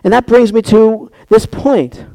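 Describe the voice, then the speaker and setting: A man's voice: sits high, fairly even intonation, measured pace, creaky, mellow, no room sound. A man preaching a conversational sermon, acting out prayers and little dialogues as he goes.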